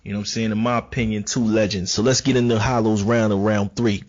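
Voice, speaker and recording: A man giving casual, excitable recap commentary on rap battles, often stumbling and restarting his lines. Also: fairly low pitch, fast, muffled recording. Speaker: battle rap fan reviewer.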